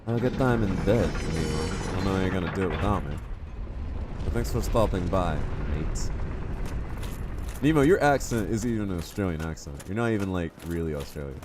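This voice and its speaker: A man's voice: low-pitched, animated, a little fast, noisy background. A man streaming a game live, chatting casually and joking with his viewers. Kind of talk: casual live-stream chat while playing.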